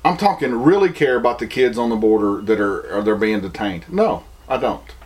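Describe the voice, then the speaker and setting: A man's voice: on the low side, animated, brisk, darkish tone. A man with a Southern American accent, delivering an opinion monologue full of rhetorical questions and mocking imitations.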